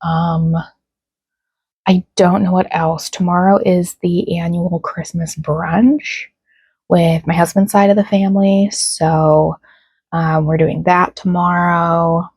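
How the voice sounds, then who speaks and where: A woman's voice: on the low side, little pitch movement, takes it slowly, gravelly, darkish tone, husky, no room sound. A young woman talking casually to her vlog camera at home, frustrated and close to tears but laughing it off. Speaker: vlogger.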